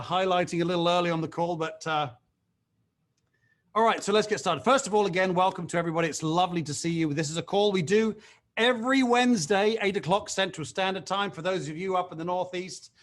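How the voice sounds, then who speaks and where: A man's voice: high-pitched, fairly quick. A middle-aged man hosting a team video call, upbeat and chatty, with self-mocking jokes and frequent fillers. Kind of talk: energetic video call pep talk.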